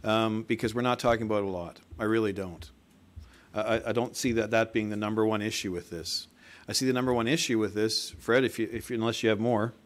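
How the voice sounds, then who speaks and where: A man's voice: fairly low pitch, fairly even intonation, fairly quick. A man at a council meeting, assertive and making his case firmly. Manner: assertive, argues a point with repeated quotes.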